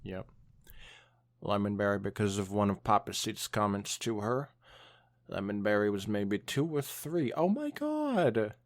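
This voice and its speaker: A man's voice: lowish voice, steady tone, moderate pace, no room sound, clean studio sound. Laughing man reading fan fiction. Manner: laughs through his reading, dramatic narration. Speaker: podcast co-host reading fan fiction aloud. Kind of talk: casual comedic reading and chat.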